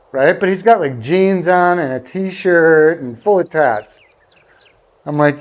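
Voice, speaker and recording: A man's voice: high-pitched, slow pace. Chatty man telling a rambling golf story. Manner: rambling storyteller, acts out quoted voices. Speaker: guest golfer. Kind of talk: casual anecdote telling.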